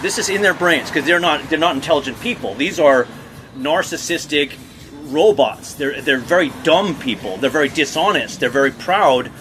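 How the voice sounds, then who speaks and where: A man's voice: fairly high pitch, moderate pace, music in the background. A man delivering a heated political rant, talking in fits and starts with many repeated words and restarts. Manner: heated, repetitive restarts and stammers. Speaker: political commentator. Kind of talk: ranting monologue.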